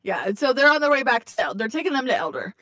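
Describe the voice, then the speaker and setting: A woman's voice: sits high, animated, fast, fairly bright tone, dry recording. Chatty swearing woman podcaster. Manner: chatty, profane, laughs often, acts out quotes. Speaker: podcast co-host. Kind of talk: casual book recap chat.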